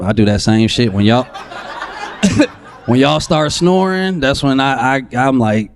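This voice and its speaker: A man doing a profane, animated stand-up set in a live comedy club, acting out voices in his stories. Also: medium pitch, measured pace, slight background noise. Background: audience laughter.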